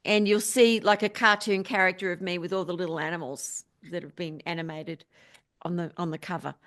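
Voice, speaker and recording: A woman's voice: lowish voice, fairly even intonation, fairly quick, fairly bright tone. A middle-aged woman, a musician and spiritual teacher, chatting as a podcast guest in an upbeat way and laughing often as she tells stories. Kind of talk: casual interview chat.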